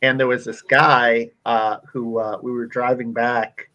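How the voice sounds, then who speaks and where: A man co-hosting a sports radio show, telling stories in a relaxed way with many fillers. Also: mid-range voice, unhurried, highs cut off. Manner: relaxed storyteller, hesitant fillers. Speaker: co-host. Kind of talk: casual sports radio talk.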